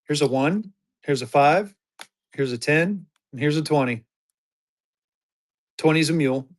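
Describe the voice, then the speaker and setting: A man's voice: on the high side, unhurried. Upbeat man hosting a live-stream auction. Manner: upbeat, chatty, hyping bidders.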